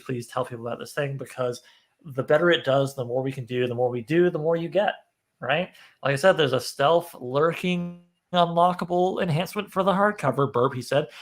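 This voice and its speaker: A man's voice: mid-range voice, a bit bright. A man hosting a casual launch livestream, rambling and self-deprecating as he talks with cohosts. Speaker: magazine editor hosting a launch stream.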